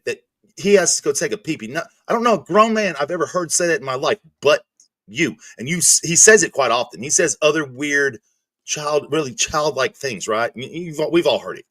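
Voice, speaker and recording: A man's voice: fairly high pitch, animated, a little fast, pushed and bright, no echo. A man, hosting a livestream and ranting angrily with lots of cursing and restarts. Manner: angry, profane, repetitive restarts. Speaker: streamer host. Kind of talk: heated livestream rant.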